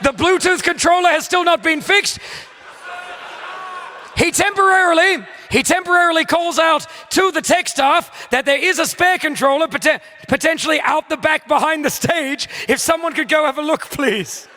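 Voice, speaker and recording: An Australian man hosting a live comedy show on stage, loud, sweary and exasperated as he banters with the audience. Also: very high-pitched, moderate pace.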